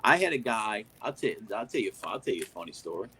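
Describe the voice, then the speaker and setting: A man's voice: fairly low pitch, sing-song, quick pace, a crowd in the background, low-quality recording. A man in casual chat, telling a story animatedly with lots of fillers and swearing.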